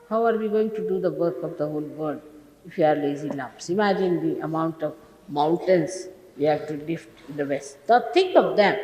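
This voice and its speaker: A woman's voice: lowish voice, lively intonation, normal speed, darkish tone, reverberant, in a large hall, slight background noise, rough recording. An older woman giving an informal sermon to her followers as a spiritual teacher, emphatic and scolding, full of rhetorical questions, in an old archive recording.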